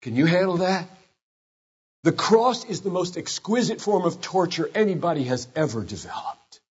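A man in his fifties preaching a sermon, retelling scripture quietly and then building to shouted passion. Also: high-pitched, animated, moderate pace, breathy edge, lo-fi sound. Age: 50s. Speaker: pastor.

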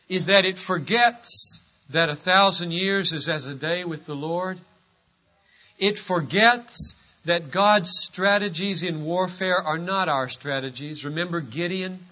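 Male pastor, high and piercingly bright voice, emphatic pulpit delivery, muffled lo-fi sermon tape. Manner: emphatic pulpit preaching, swinging between loud and hushed. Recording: dull lo-fi sermon recording.

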